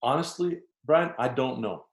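A man's voice: medium pitch, expressive, moderate pace. A man from Canada, a former basketball player, telling stories as a guest and acting out his coaches' lines. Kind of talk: casual storytelling. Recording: roomy echo.

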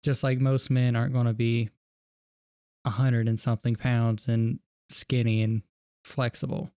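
A man's voice: mid-range voice, flat delivery, unhurried, dark tone, clear, resonant tone, no echo, studio quality. A man in casual podcast chat, blunt and profane, ranting about sports rules.

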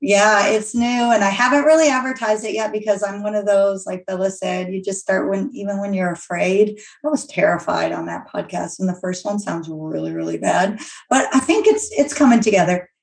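A woman guest, a coach and teacher, talking casually and relaxed about her courses. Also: medium pitch, normal speed, gravelly, roomy sound, rough recording. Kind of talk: casual chat.

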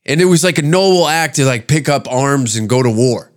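A man's voice: medium pitch, animated, fairly quick. A man hosting a podcast, ranting with heavy swearing and sarcasm in a comedic monologue. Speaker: podcast host. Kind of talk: comedic rant.

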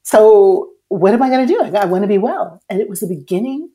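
A woman's voice: mid-range voice, animated, a little fast. Frank woman telling a personal story. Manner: frank and emotional, swears, swings between hushed and loud. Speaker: interview guest, author.

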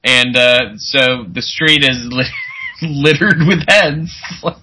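A man's voice: on the high side, lively intonation, takes it slowly, pushed and bright, slight background noise, rough recording. A man co-hosting a podcast, recapping a movie in casual chat, laughing and acting out characters' lines. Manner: laid-back, laughing, acts out characters in quotes. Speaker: podcast co-host.

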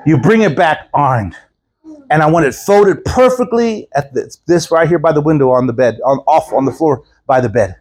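A man's voice: on the high side, a little fast, few pauses, breathy edge. A man preaching a storytelling sermon, acting out the voices in his story and laughing often with the congregation. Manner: animated, acts out quoted voices.

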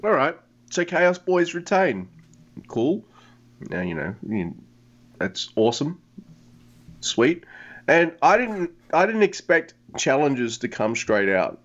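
Excitable sweary man, dull lo-fi audio. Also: a little high, slow, pauses often. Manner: excitable, profane. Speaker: podcast co-host. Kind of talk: casual wrestling chat. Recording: dull lo-fi sound.

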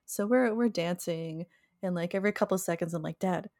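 A young woman with a slightly low voice, chatting casually as a podcast co-host. She tells stories in a loose, chatty way and often breaks into laughter. The recording is close and dry. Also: a little fast, darkish tone, no echo. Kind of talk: casual chat.

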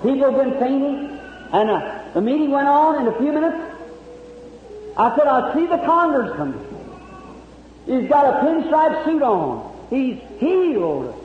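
High-voiced preacher in an echoing hall. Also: male voice, very animated, measured pace, slight background noise. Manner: fervent storytelling with plain rural grammar. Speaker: evangelist preacher. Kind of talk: revival sermon testimony. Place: large meeting hall with audience. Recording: lo-fi old hall recording.

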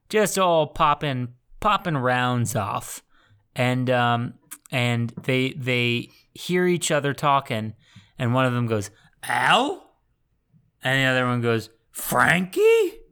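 A man's voice: mid-range voice, measured pace, a bit bright, clean tone. A man co-hosting a podcast, recapping a movie in casual chat with dry sarcasm. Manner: sarcastic, dry, does silly impressions. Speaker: podcast co-host.

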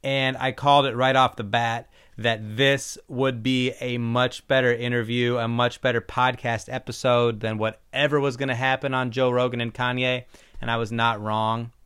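A man with a smooth, resonant voice talks alone on his podcast. His commentary is loose and opinionated, full of ums and restarts, and he sits right at a middle pitch for a man. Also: fairly bright tone. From Iowa. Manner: opinionated, rambling, frequent ums. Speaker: podcast host. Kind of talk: casual solo podcast commentary.

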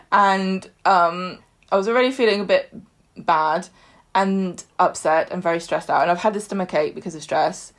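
A woman's voice: fairly low pitch, normal speed. Chatty woman podcaster. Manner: animated storytelling, laughing, loud acted quotes. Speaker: podcast co-host. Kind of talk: casual chat.

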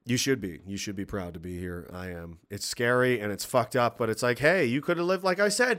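Reading chat messages out loud on his casual livestream, this man talks briskly in a mid-range voice. He swears without restraint, stays animated and laughs often.

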